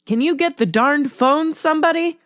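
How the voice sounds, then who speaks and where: A woman's voice: mid-range voice, moderate pace, dry recording, clean studio sound, lightly acted. A woman doing a grumpy southern dad. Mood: gruff. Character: grumpy southern father, gruff and joking.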